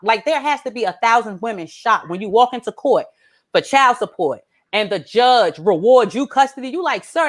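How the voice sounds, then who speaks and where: A woman doing a stand-up comedy set, animated and swinging between low mutters and high exclaims.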